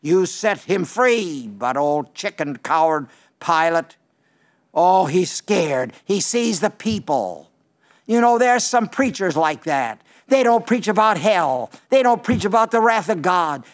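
A man preaching a televised sermon, telling the story dramatically and swinging from loud outcries to hushed tones. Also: high-pitched. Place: television studio.

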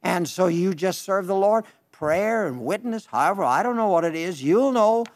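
A man's voice: high voice, expressive, normal speed. An older man preaching on the radio, answering listener letters as folksy, emphatic stories with repeated phrases.

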